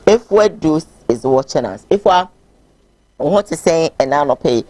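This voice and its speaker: A woman's voice: deep voice, expressive, normal speed, darkish tone. A woman with a Ghanaian accent hosting a morning talk show, chatting casually, laughing freely and mixing languages as she reads out viewer messages.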